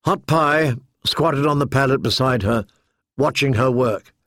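A man reading a novel aloud with measured, even delivery. His pitch sits mid-range for a man. The sound is dry and close, with no room echo. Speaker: audiobook narrator. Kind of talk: scripted narration.

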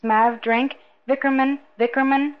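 A woman's voice: high voice, steady tone, unhurried, phone-quality sound, pitched above the performer's own voice. A woman voicing a desperate small alien beggar who pleads in broken, rippling sing-song speech. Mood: begging.

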